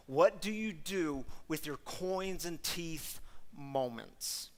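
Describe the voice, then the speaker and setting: High-voiced man telling a sermon story. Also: slow, long reverb tail. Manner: animated, conversational, addresses audience directly. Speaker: guest storyteller.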